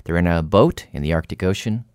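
A male radio host narrating a story and interviewing a guest with curious, quick questions. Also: deep voice, a little mellow, clear, resonant tone, dry recording, clean studio sound.

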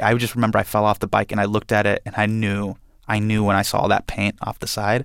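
A young man from India telling a personal story in a lively, animated way, acting out the quotes. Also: on the low side, fast talker, vocal fry, clear, resonant tone, no room sound, studio quality.

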